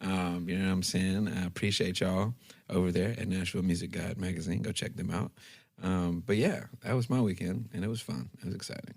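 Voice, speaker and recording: A man co-hosting a podcast, giving laid-back shout-outs in casual chat. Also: low-pitched, steady tone, brisk, creaky, husky. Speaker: podcast co-host.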